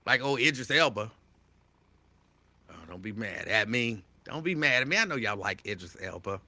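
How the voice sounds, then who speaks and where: A man's voice: fairly low pitch, normal speed, dry recording. A male talk show host giving his opinions straight to listeners in an emphatic, repetitive way, addressing them directly. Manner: animated, emphatic, repeats his points, addresses listeners as y'all.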